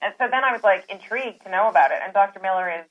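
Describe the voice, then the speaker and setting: A woman's voice: mid-range voice, racing. A woman from Canada, a comedian guest chatting and joking with a host. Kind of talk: casual chat. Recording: dull, lo-fi broadcast audio.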